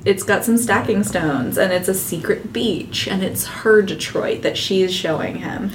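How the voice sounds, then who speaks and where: Woman co-host, emphatic casual chat, faint rumble underneath. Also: a little slow. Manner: enthusiastic, emphatic. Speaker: podcast co-host. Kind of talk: casual book discussion.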